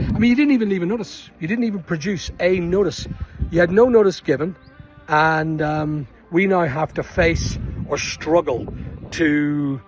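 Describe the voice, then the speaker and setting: A middle-aged man from Northern Ireland with a Northern Irish accent, an online seller venting indignantly to camera about rising costs. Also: on the high side. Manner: exasperated, indignant, repetitive. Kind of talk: angry rant to camera.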